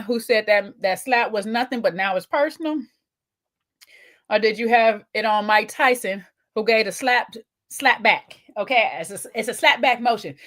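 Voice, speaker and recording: A woman's voice: a little high, fairly bright tone. A woman, co-hosting a casual chat show, talking to viewers while eating, with teasing asides. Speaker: podcast co-host.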